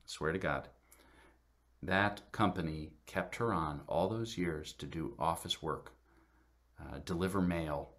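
Man, middle-aged, extremely low voice, halting storytelling, lots of ums and restarts. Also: a bit bright. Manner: halting, many fillers and restarts. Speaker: guest speaker at church service. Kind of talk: personal storytelling talk.

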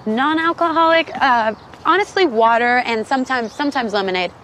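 A young woman answering quick-fire questions in an interview outdoors in the countryside, chatty and bubbly, laughing often and saying "like" a lot. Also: sits high, a bit bright, slight background noise, rough recording. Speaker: singer and actress being interviewed.

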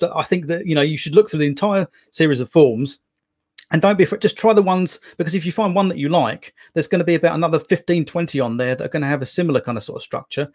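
A man's voice: a little high, a little mellow. A man guesting as a poet in an interview, talking in a casual, rambling way with many restarts and fillers.

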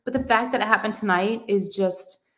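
A woman's voice: medium pitch, normal speed. Gushing woman livestreaming. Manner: gushing, excitable, effusive. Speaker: livestream host of a crafting channel. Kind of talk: casual livestream chat reading comments.

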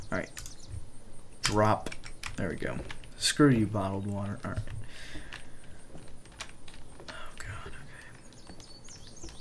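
A young man giving casual gameplay commentary, excitable, swearing mildly and sometimes dropping to a whisper. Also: medium pitch, a little hiss or hum.

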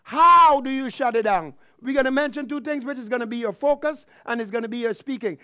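A man's voice: very high-pitched, brisk, pushed and bright, no room sound, studio quality. A man preaching a sermon as pastor, asking the congregation questions and calling out praise. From Canada. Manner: preaching with call-and-response questions and exclamations.

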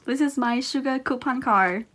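A young woman with a slightly high voice talks her way through an unboxing in a loose, chatty vlog manner. She gushes and gasps with excitement, her speech sprinkled with fillers and little restarts. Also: moderate pace. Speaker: unboxing vlogger. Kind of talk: casual unboxing chat.

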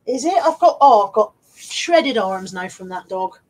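Irish woman, middle-aged, high voice, chatty live-stream host who reads comments and laughs a lot. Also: very animated, normal speed, hardly any pauses. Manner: chatty, laughs often, breaks into off-key singing. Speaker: live-streaming reseller vlogger. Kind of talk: casual live stream chat, reading out comments.

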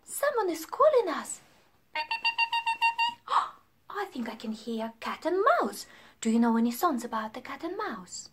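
A woman leading a sing-along music lesson for young children, animated and playful, singing and dropping into hushed whispers. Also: a little high, a little slow, long pauses, husky. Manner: animated, swings between sung lines and hushed whispers.

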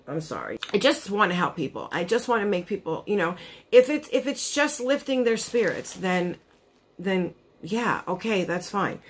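Woman, vlogger, casual gushing chat, choked up, mid-pitched voice. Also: a bit bright. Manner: gushing, emotional, chatty with lots of "like" and "you know". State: choked up, near tears.

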